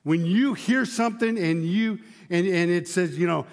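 A man's voice: sits high, normal speed, hardly any pauses, big-room sound. A male pastor preaching a sermon, emphatic, driving his points home with repeated rhetorical questions.

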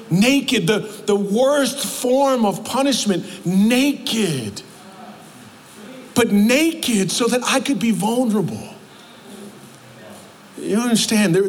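A man preaching a sermon in a church, emphatic and repeating his words, calling out to the congregation. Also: high-pitched. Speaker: pastor. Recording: long hall reverb, faint ambience.

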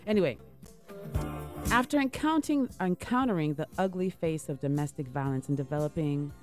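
A woman hosting a talk show interview, chatty and animated, her voice going hoarse. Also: deep voice, brisk, loud music behind the voice. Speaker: host.

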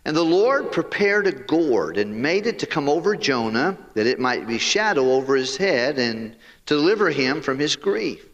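A man's voice: on the high side, very animated, normal speed, few pauses, a bit bright, dull audio. A man preaching a sermon in a church, paraphrasing scripture with rising and falling emphasis. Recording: hall reverb.

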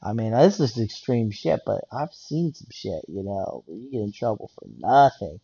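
A man rants casually and bluntly, circling back on his points and swearing freely. His voice is gravelly and dark. The recording is dry and a little dull. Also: lowish voice, animated, moderate pace, no room sound. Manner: rambling, blunt, swears, repeats himself. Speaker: medical office worker. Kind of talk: casual monologue rant.

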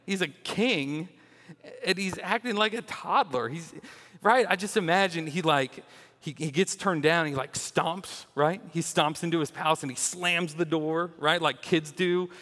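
A young man giving a lively, joking sermon as a children's minister, often restarting his words. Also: on the high side, measured pace, in a large hall. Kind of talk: animated sermon.

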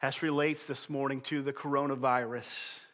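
A male pastor preaches an earnest sermon, reading scripture aloud. His voice sits at an ordinary middle pitch, and he lets many phrases fall away softly at the end. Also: level tone, normal speed.

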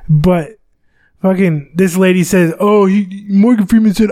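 A man's voice: sits high, unhurried, warm tone. A young man co-hosting a podcast, rambling and stammering through crude casual chat. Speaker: podcast co-host.

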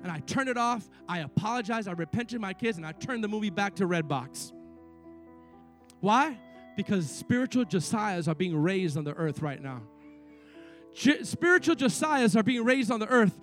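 With a high, fairly bright voice and lively intonation, a middle-aged pastor preaches at normal speed over faint background music. His storytelling grows more fervent until he is pleading again and again.

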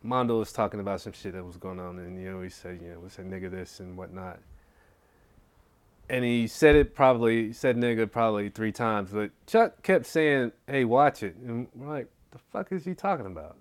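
A man's voice: on the low side, moderate pace, clear, resonant tone. A man co-hosting a podcast, telling a profane anecdote in casual chat and acting out other people's lines. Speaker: podcast co-host.

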